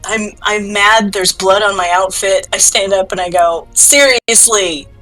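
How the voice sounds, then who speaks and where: Woman player in a tabletop game, chatty, lots of ums, bright voice. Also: medium pitch, little pitch movement, moderate pace, faint music behind, low-quality recording. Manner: chatty, hesitant with fillers. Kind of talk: casual tabletop game chat.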